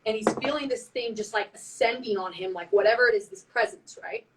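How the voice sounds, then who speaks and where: A woman tells a story in loose, casual chat, acting out each quote and leaning on "like" constantly. Her voice sits a little high. She sounds a step back from the phone mic. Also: fairly quick, distant mic, background noise. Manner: animated, heavy use of "like", acts out quotes. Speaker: band member on a live stream.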